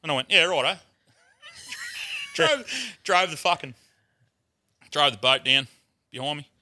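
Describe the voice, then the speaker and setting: A man's voice: on the high side, wildly swooping pitch, takes it slowly, bright, forceful tone, no room sound. An Australian man telling a rowdy story in casual chat, swearing freely and acting out the voices of the people in it. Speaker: guest.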